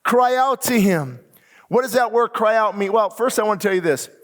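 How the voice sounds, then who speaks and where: Man, American pastor, urgent sermon, high voice, long church reverb. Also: lively intonation, normal speed, a bit bright. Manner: urgent, emphatic preaching, rising to pleading prayer. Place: church sanctuary.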